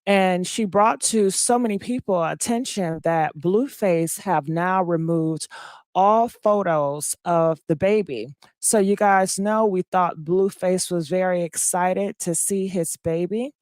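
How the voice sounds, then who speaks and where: A woman hosting a casual live-stream gossip commentary, just woken up and low on energy, chatting directly to her viewers with plenty of fillers. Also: takes it slowly, darkish tone, no room sound, studio quality.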